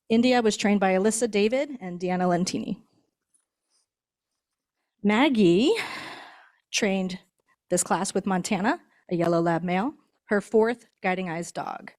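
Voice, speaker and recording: A woman who trains guide dogs stands before a graduation crowd, introducing each team. Her voice sits at a middle pitch, and she talks in a friendly, chatty way with small laughs scattered through her lines. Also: a little mellow. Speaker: guide dog instructor. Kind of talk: graduation ceremony speech. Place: indoor ceremony hall.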